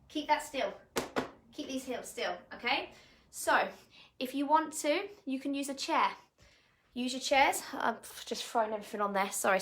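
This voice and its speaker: A woman fitness coach with a high, somewhat bright voice leads a live online workout from home. She's chatty and upbeat, laughing often, in an echoey room.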